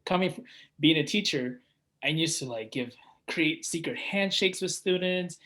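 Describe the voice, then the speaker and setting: A man's voice: a little high, animated, moderate pace, pushed and bright. A man, a performance coach, chatting energetically as a podcast guest and often checking in with "right?". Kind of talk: casual interview chat.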